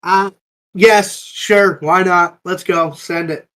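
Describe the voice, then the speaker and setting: Relaxed male esports analyst, higher voice. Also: slow. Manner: relaxed, conversational recap. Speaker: esports color commentator. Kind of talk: casual analyst commentary.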